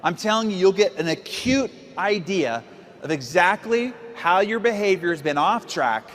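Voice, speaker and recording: A man's voice: sits high, lively intonation, normal speed, a bit bright, long reverb tail. A man in his forties gives a seminar talk as a motivational speaker, emphatic and full of rhetorical questions. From United States. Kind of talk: seminar talk to a live audience.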